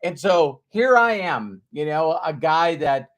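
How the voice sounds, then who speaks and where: A man's voice: fairly high pitch, expressive, slow pace. A man from North Dakota hosting a live stream as a motivational speaker, greeting viewers by name and repeating his key lines in an earnest, emotional way. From North Dakota, USA. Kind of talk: casual live-stream talk.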